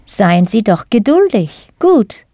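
Woman teacher for a studio language course; lively, encouraging delivery, dry booth sound. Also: medium pitch, slow, no echo. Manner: clear, encouraging instruction. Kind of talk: scripted audio lesson.

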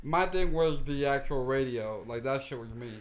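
A man's voice: medium pitch, normal speed, slight background noise. A young man casually chatting as a podcast co-host, rambling and laughing through a profane story. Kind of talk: casual chat.

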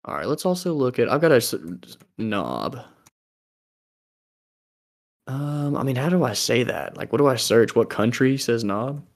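A young man co-hosting a podcast. He rambles through casual chat, cracking jokes and breaking off mid-thought. His voice sits at an ordinary middle pitch. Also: sing-song, measured pace, pauses often. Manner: rambling, jokey, trails off and restarts. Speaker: podcast co-host.

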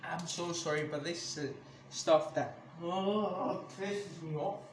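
A podcast host with a high voice delivers a slow, casual rant, angry and swearing heavily while restarting his sentences often. The echoey room carries clear background noise.

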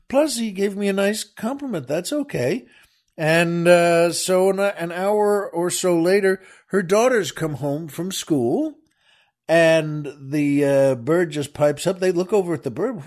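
A man's voice: high-pitched, unhurried, a little mellow. A man hosting a podcast, casually telling a joke and chuckling as he rambles along with many fillers. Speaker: podcast host.

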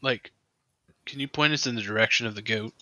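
A man's voice: medium pitch, a little fast, bright, forceful tone. A man playing a tabletop role-play game in character, talking in a blunt, profane, rambling way. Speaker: player.

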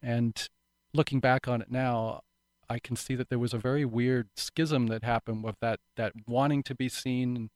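A man's voice: medium pitch, fairly even intonation, moderate pace, darkish tone, no room sound. Middle-aged guy telling his story in an interview, thoughtful, kinda restarts a lot, dry room sound. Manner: reflective and earnest, with frequent restarts. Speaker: actor telling his life story as a guest. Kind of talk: candid personal storytelling in an interview.

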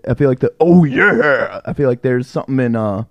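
A man's voice: mid-range voice, steady tone, very fast, dark tone, dry recording, lo-fi sound. A man co-hosting a casual podcast, laid-back and teasing, often laughing. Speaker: podcast co-host. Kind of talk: casual chat.

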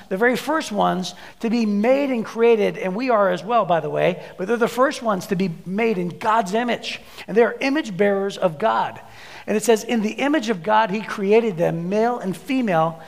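High, gravelly preacher in a reverberant hall. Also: male voice. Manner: storytelling, acts out voices in anecdotes. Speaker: pastor. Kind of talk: sermon.

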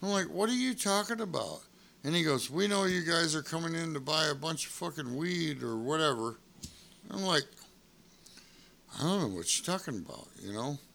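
A man's voice: fairly high pitch, moderate pace, vocal fry. A middle-aged man, a former wrestler, telling road stories in casual, profane chat and acting out what people said. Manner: profane, animated storyteller acting out quotes. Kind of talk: casual storytelling.

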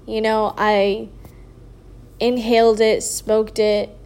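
A young woman shares a personal story on her vlog in a slightly high, monotone voice that's clear and resonant. She yawns and sounds sleepy, speaking slowly with drawn-out words, frequent "like," and soft asides that trail off.

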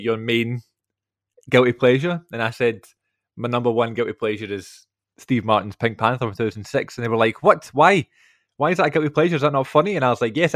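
Fast-talking young man, dry close mic. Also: medium pitch, no room sound. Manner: rambling storytelling, many fillers and asides. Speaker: podcast co-host. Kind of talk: casual film podcast chat.

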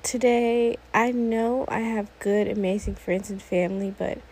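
An eighteen-year-old woman talking alone on her own podcast, her voice mellow and low in tone with a lot of vocal fry. She rambles and wanders off topic, filling her speech with "like" and "oh my gosh.". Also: steady tone, a little slow, poor audio. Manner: rambling, often sidetracked, many "like"s. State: a little emotional, teary. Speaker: podcast host. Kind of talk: casual solo podcast monologue.

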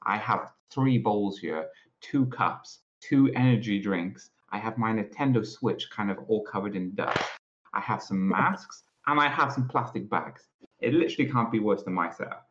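A man co-hosts a podcast in a friendly, teasing chat. His voice is on the low side. The audio is a bit muffled and lo-fi, losing its crisp top end. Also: moderate pace, fairly bright tone. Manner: friendly, teasing, lists things. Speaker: podcast co-host, parent. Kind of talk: casual chat. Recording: slightly dull lo-fi audio.

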